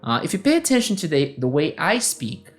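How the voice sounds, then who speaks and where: A man's voice: on the high side, huge pitch swings, brisk, soft background music. Man teaching English casually. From Brazil. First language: Portuguese. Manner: conversational, checks in with frequent tag questions. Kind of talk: solo podcast lesson.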